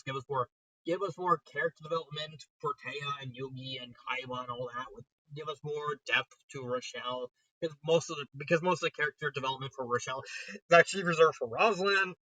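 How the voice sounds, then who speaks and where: Young man, casual review, animated and chatty, bright tense tone, dry sound. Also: a little high, dry recording, recorded from a distance, low-quality recording. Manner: animated retelling, frequent laughter, filler "like". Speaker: fanfiction reviewer. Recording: dry sound, voice set back from mic.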